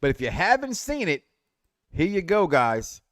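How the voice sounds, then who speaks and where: A man co-hosting a wrestling talk show, chatting casually in a lively, joking way with stammered restarts. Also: high voice, moderate pace, heavy background noise. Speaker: wrestling podcast co-host. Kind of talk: casual barbershop-style chat.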